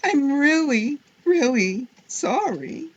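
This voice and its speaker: A woman's voice: lowish voice, huge pitch swings, slow, slightly rough, dull audio, heavily acted. A woman doing a sorry little girl. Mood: tearful.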